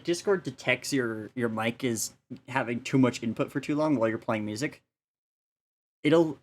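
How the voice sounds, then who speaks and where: A man talking casually on a live stream, rambling through his thoughts and laughing often. His voice sits at an ordinary middle pitch. He speaks into a desk mic at home. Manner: rambling, laughs often, many filler likes. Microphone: standalone desk mic.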